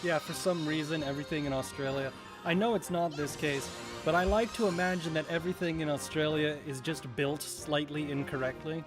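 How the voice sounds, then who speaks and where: A man's voice: on the high side, steady tone, brisk, music in the background. A man from New Zealand streaming a game, chatting casually in a rambling, joking and profane way. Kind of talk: casual chat while gaming.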